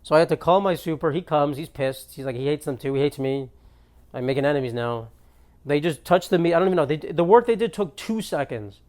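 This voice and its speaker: Recording a solo bit from his apartment, this young comic podcast host sounds animated and brisk, his voice fairly high-pitched with a darkish tone. The monologue is an exasperated rant, told as a profanity-laced story.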